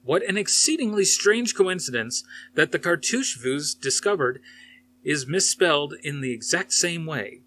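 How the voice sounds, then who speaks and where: A man's voice: a little high, expressive, unhurried, sharp tone, slight background noise, voice pushed up. A man reading aloud, voicing a combative male scholar who lectures with pointed sarcasm. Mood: sarcastic.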